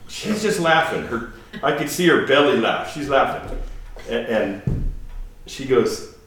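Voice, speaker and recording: A man giving an informal, halting sermon with asides, as a guest preacher. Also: mid-range voice, lively intonation, fairly bright tone. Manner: conversational, halting, with restarts and asides. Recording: echoey hall from a distance with faint noise.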